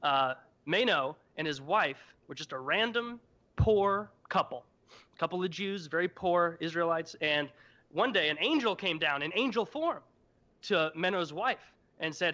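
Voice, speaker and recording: A man's voice: a little high, expressive, moderate pace, sharp tone. A young man co-hosting a podcast, retelling a story in an irreverent, profane, joking manner. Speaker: podcast co-host. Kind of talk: casual comedic storytelling. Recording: dull lo-fi podcast audio.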